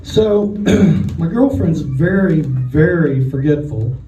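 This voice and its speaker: A man in his sixties from Oklahoma doing a deadpan stand-up set at a restaurant comedy night. He tells his stories in a dry voice and slips into short quoted voices for the people in them. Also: fairly high pitch, slow, dull audio. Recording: echoey room, voice heard from a distance.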